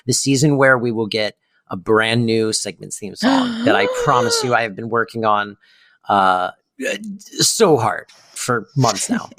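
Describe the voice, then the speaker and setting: A man co-hosting a podcast in casual chat, joking and jumping into high squeaky bits for laughs. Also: fairly bright tone, no room sound, clean studio sound. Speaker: podcast co-host.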